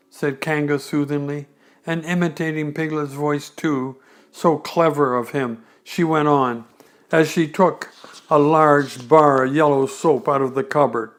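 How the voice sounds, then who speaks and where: A man reading a bedtime story aloud, unhurried and gentle. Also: on the high side, steady tone.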